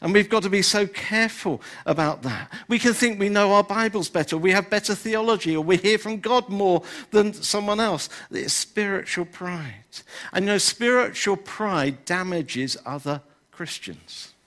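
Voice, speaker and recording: A man's voice: high-pitched, moderate pace, a bit bright. An older man, preaching a sermon in a conversational way and often saying "you know". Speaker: pastor.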